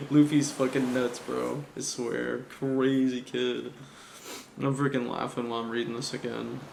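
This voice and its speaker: A man chats loosely about an anime, and his voice has a gravelly fry to it. He talks in a slangy, profane way and laughs often. The room sounds echoey, with a faint hum underneath. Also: medium pitch, flat delivery, normal speed, darkish tone. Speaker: anime reviewer. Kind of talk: casual chat.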